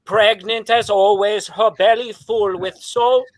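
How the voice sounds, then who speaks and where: A man improvising comic narration from home for an online show, in a brisk storytelling manner. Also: high-pitched, fairly even intonation.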